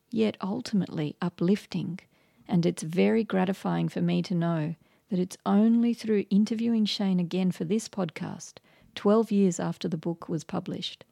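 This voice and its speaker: A woman, the podcast host and author, reading a scripted, earnest introduction in a measured way. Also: on the low side, creaky, mellow, no echo, studio quality.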